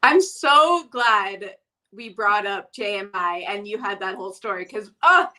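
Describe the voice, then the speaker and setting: Bright, gushing female interview host. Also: medium pitch, animated, a little slow. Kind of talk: casual interview chat. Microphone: video call.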